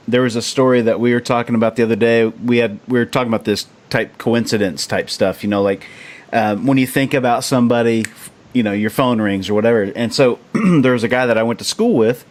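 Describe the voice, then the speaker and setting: A man co-hosting a casual podcast, laid-back and easily amazed, telling stories loosely. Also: mid-range voice. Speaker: podcast co-host.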